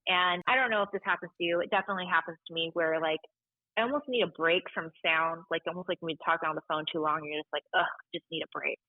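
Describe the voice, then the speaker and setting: A woman who works at a library, telling a story in a chatty, animated way and acting out the people she quotes. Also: lowish voice, fast talker, no echo. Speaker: library staff member. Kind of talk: casual storytelling interview. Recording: tinny phone-like sound.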